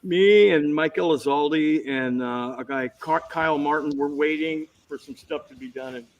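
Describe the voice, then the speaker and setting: A man telling lively stories as a guest on a casual video-call chat, jumping into quick impressions. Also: a little high, lo-fi sound. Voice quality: bald. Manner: animated anecdotes with impressions.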